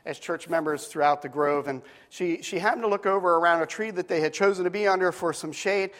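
A man's voice: high voice, fairly quick, a bit bright. A man preacher telling a story in a sermon, conversational, stretching out key phrases for emphasis, in a church. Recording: long hall reverb.

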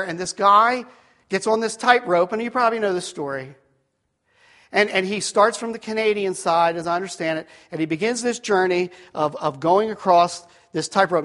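A man in his fifties preaches with a higher-pitched voice. He tells a story with self-deprecating asides, swinging between shouted peaks and hushed, nearly whispered moments. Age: 50s. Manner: animated storytelling, rising to shouts at peaks, dropping to near-whispers. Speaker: pastor. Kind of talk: sermon.

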